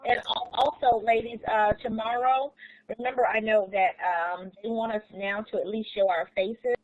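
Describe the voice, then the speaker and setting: A fairly high-voiced woman teacher runs a staff planning meeting over a video call, upbeat and playful, thinking aloud. The call audio sounds dull and muffled. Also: steady tone, moderate pace. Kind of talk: casual planning chat.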